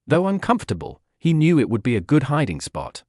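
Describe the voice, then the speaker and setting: Expressive male audiobook narrator, lively delivery. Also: a little high, fairly quick, dry recording, studio quality. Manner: expressive, voices the characters' shouts. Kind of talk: dramatic fan-fiction audiobook narration.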